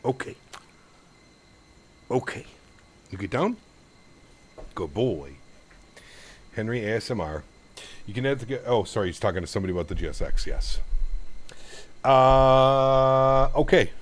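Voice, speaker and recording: A man's voice: mid-range voice, expressive, fairly quick. A man from Canada hosting a casual live flight-sim stream, cooing to his dog and talking through cockpit setup steps.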